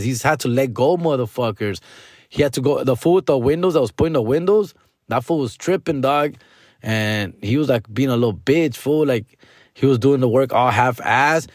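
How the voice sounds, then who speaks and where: A young comedian hosting his podcast, letting off steam in a loose, slangy rant peppered with swearing and bits of Spanish. His voice sits at an ordinary middle pitch. The sound is dry and close, with no room echo. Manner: slangy, profane, mixes Spanish into his English; frustrated, venting.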